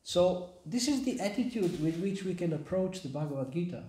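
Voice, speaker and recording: A man giving a scripture class in a temple, unhurried, pausing to search for words as he tells stories. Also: high voice, lively intonation, dark tone. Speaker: spiritual teacher. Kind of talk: scripture class talk with storytelling. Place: temple hall. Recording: echoey temple hall.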